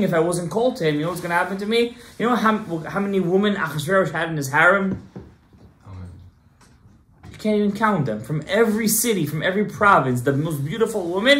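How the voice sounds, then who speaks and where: Animated man preaching in an echoey room. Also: high-pitched, fast. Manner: emphatic, swings loud and soft, rhetorical questions. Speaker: rabbi giving a Torah class. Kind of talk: animated Torah class.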